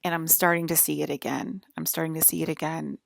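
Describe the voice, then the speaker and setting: A woman's voice: low voice, flat delivery, quick pace, vocal fry, no echo, clean studio sound. A young woman talking in a rambling, casual monologue full of fillers and apologies. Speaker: vlogger.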